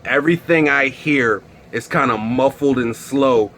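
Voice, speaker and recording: A man's voice: mid-range voice, unhurried, a bit bright, slight background noise. A man telling a personal story in a casual, slangy way, with lots of fillers and laughs. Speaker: storyteller vlogger.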